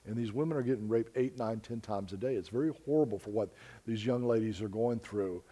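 A man's voice: fairly low pitch, fairly quick, mellow, slightly rough. A man preaching earnestly, telling stories to the congregation and calling them folks. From United States. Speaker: preacher and missionary. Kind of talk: sermon storytelling.

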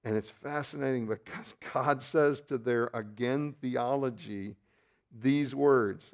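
A man preaching a sermon as pastor, shifting between loud emphatic rises and quiet asides, with self-deprecating remarks and restarts. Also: mid-range voice, takes it slowly.

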